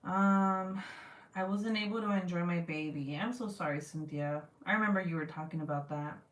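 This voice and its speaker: A woman in her thirties hosting a livestream, telling animated, profane family stories and reading out viewer comments in casual chat. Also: on the low side, moderate pace. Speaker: livestream host. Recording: roomy, distant from the mic.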